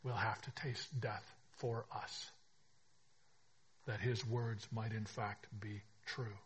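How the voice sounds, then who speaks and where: A man preaching a sermon as pastor, swinging between hushed reflection and emphatic, rising declarations. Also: on the low side, level tone, slow pace, slightly rough.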